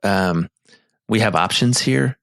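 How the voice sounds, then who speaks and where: A man's voice: fairly low pitch, slow pace, creaky, a bit bright, dry recording, studio quality. A man co-hosting a marriage therapy show, explaining in earnest casual chat with many restarts and fillers. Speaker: marriage therapist and podcast co-host.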